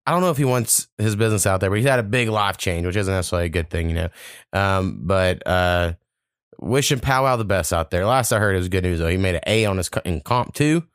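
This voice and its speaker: A man's voice: sits low, animated, fast talker, clear, resonant tone, dry recording, clean studio sound. A young man, hosting a casual podcast and telling long, profane, rambling stories. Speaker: podcast host.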